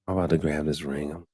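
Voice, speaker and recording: On a live stream recorded with a studio mic, a thirties-aged male host animatedly recounts something from his own life, his voice leaping high whenever he acts out a quote. The sound is clean studio quality and dry, though his voice is slightly rough.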